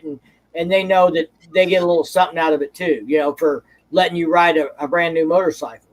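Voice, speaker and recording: A man's voice: fairly high pitch, steady tone, quick pace, low-quality recording. A man from the Ozarks, a motorcycle vlogger, chatting casually in a folksy, rambling way. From Ozarks, United States. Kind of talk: casual chat.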